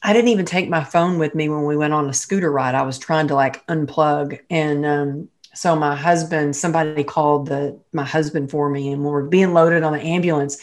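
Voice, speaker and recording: A middle-aged woman telling a personal story in casual chat, animated and jumping up high when she quotes people or laughs. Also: brisk, few pauses.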